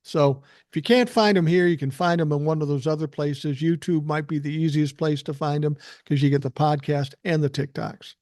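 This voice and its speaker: Older man, podcast host, fired-up profane rant, a bit breathless, slightly high voice, dry sound. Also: steady tone, normal speed, hardly any pauses, a little mellow, no echo. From South Minneapolis, USA. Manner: profane, heated, mocking. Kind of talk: ranting live stream commentary.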